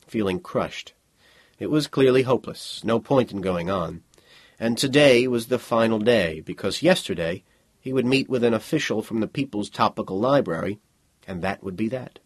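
A man narrating a novel as an audiobook, with an expressive delivery. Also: fairly low pitch, slightly rough, dry recording, studio quality. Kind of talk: scripted narration.

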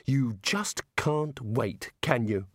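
A man's voice: medium pitch, lively intonation, slow, a bit bright, no echo, studio quality. A man voicing a nervous, gloomy wizard facing the gallows, sardonic and tense. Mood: bitter. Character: anxious, gloomy male wizard prisoner. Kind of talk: audiobook character voice.

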